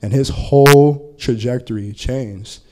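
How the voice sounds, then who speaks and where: A man's voice: medium pitch, unhurried, a little mellow. A man who teaches college counseling tells a story at a panel talk in a casual way, full of "like" fillers. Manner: casual, heavy use of filler "like".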